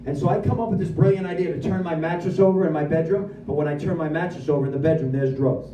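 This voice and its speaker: A man giving a lively personal recovery testimony at a speaker meeting, acting out his own dialogue as he goes. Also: on the high side, quick pace, slight background noise. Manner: animated storyteller who acts out his own dialogue. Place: meeting room at a recovery center. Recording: echoey room, voice from far off.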